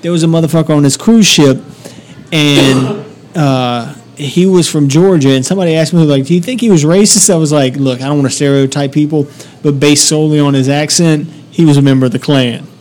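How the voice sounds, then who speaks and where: Podcast co-host, male, slightly high pitch; profane, lively storyteller in casual chat. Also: a little fast.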